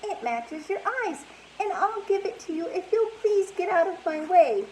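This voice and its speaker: A woman's voice: very high voice, lively intonation, moderate pace, a little mellow, a little hiss or hum, pitched above the performer's own voice, rough recording. A woman voicing a bold, no-nonsense little girl who bargains firmly. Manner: firm, bargaining.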